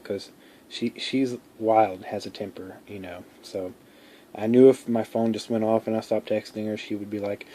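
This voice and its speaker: A man's voice: lowish voice, steady tone, a little fast, dark tone. A man telling a personal story in a casual vlog, rambling, with many fillers, restarts and some swearing.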